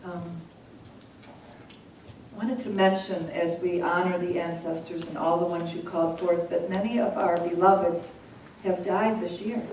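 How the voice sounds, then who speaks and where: A woman minister leading a congregation in slow, measured sutra chanting, then speaking softly and conversationally. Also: lowish voice, fairly even intonation, slight background noise. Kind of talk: call-and-response sutra chanting and sermon. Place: large hall with a congregation. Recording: echoey hall, voice from far off, congregation audible.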